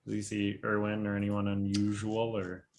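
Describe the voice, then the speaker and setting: A man describing his character's moves in a tabletop game, relaxed and hesitant. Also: fairly low pitch, moderate pace, slight background noise. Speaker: player. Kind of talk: casual tabletop play.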